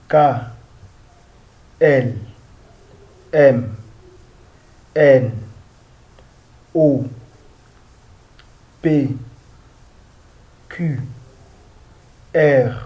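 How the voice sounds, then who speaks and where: A man's voice: mid-range voice, warm tone. A man from Nigeria teaching a video lesson, patiently repeating each sound and asking the viewer questions. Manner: asks the viewer questions and answers them. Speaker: French teacher.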